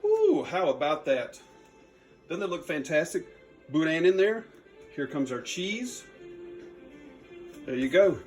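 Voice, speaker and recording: A man's voice: on the high side, wildly swooping pitch, slow pace, pauses often, soft background music. Folksy man hosting a cooking show. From Louisiana. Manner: chatty, folksy, upbeat. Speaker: cooking channel host. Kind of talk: casual cooking demo. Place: home kitchen.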